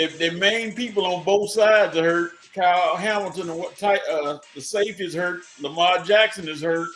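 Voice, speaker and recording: A man, a guest on a casual sports talk show over a video call, giving unhurried, dry, joking picks. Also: high-pitched, fairly bright tone.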